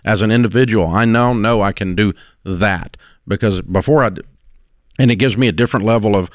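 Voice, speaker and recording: A man's voice: lowish voice, a little fast, no room sound, studio quality. A middle-aged man hosting a call-in advice show, folksy, blunt and encouraging. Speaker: radio show host giving advice. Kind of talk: call-in radio advice talk.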